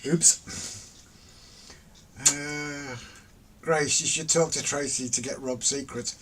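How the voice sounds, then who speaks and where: A man's voice: a little high, fairly even intonation, slow pace. A middle-aged man hosting a casual live stream, reading out viewer comments in a teasing, jokey way and laughing often. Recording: distant mic with faint ambient noise.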